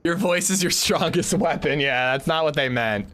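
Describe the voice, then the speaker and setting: A man chatting casually on his live game stream, thanking viewers and reading out their names in quick bursts. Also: fairly high pitch, fairly bright tone.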